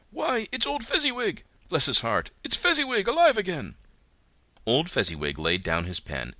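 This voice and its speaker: A man narrating a classic novel as an audiobook, with an expressive, dramatic reading. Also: low-pitched, no echo.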